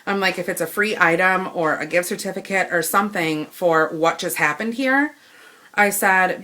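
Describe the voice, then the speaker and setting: Bright-voiced Midwestern woman ranting. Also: on the low side. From Wisconsin. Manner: animated retelling, acting out both sides of the dialogue. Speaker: vlogger. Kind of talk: ranting story to camera.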